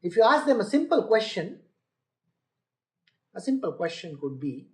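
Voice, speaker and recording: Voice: mid-range voice, sing-song, normal speed, darkish tone. A spiritual teacher giving a scripture lecture, asking listeners rhetorical questions and mocking boastful people by quoting them.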